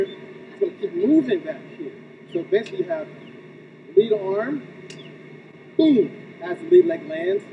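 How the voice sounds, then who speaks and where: Middle-aged male coach, higher voice, demo style with counted beats, dull distant outdoor audio. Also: a little hiss or hum. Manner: counts beats aloud, punctuates with "okay?". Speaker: hurdles coach. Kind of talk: demonstration lesson.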